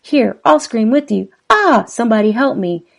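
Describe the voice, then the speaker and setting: A woman voicing a drunk, menacing young man who mocks and threatens his wife in a gravelly, sneering voice. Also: on the high side, lively intonation, normal speed, voice pushed up. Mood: taunting. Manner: sneering, mocking and profane.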